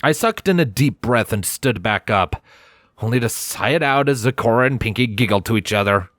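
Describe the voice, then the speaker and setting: A man narrating a fanfiction audiobook in the first person, with a measured storytelling delivery. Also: medium pitch, lively intonation, fairly bright tone, no echo, studio quality.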